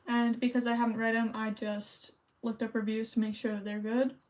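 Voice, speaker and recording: A young woman chats casually on a stream as she decorates holiday cards. Her voice sits a little high, and she rambles and thinks aloud while she colors at her desk. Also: little pitch movement, moderate pace, a little mellow. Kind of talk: casual chat while crafting.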